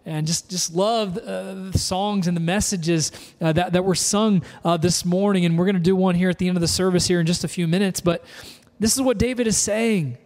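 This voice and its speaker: A man's voice: high voice, a little mellow. A man preaching as a pastor, earnest and emphatic, repeating phrases as he builds his points. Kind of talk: sermon. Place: church service, filmed. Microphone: camera. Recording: long hall reverb.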